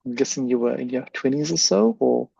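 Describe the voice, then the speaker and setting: Fast-talking gravelly male podcast host. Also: mid-range voice, lively intonation, dark tone, muffled recording. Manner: reflective, affirming, with frequent verbal restarts. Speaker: podcast host and leadership coach. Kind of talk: conversational interview.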